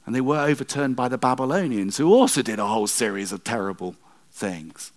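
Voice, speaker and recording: A man preaching a sermon, retelling the story in a conversational way with wry asides and swings between loud emphasis and hushed moments. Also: medium pitch, expressive, fairly quick.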